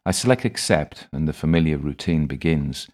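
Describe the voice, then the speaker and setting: A male narrator reads a first-person story in a calm, dry, wry manner. His voice sits at the very bottom of the male range. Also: rumbling low, moderate pace. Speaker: audiobook narrator.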